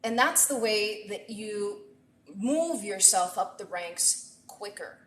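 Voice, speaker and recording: A woman's voice: medium pitch, animated, slow pace, a bit bright, slight background noise. A middle-aged woman chef talking through a live-streamed cooking session, chatty and talkative. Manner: talkative, chatty, thanks viewers often. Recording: echoey room.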